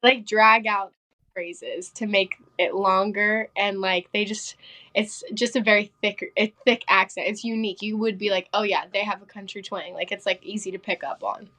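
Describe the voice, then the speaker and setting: A young woman from Pennsylvania talks as a podcast guest about her singing, rattling off stories with plenty of "like" and "um." Her voice sits at an everyday pitch for a woman, and she keeps it loose and conversational. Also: fairly even intonation, bright, forceful tone. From Pennsylvania, United States. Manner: chatty, quick storytelling with many fillers. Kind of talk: casual interview chat.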